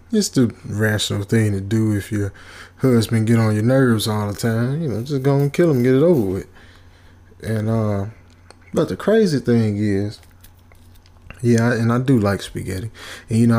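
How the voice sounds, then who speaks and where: A man's voice: lowish voice, darkish tone. A man casually retelling a comic horror story in a loose, rambling way, full of fillers. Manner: loose, rambling, laid-back, with many fillers.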